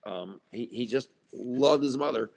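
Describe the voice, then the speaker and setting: A man's voice: mid-range voice, measured pace, gravelly, a little mellow. A man, an author and paranormal researcher, talking casually in an interview, wry and storytelling, acting out little scenes. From United States. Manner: wry storytelling, acts out party chatter.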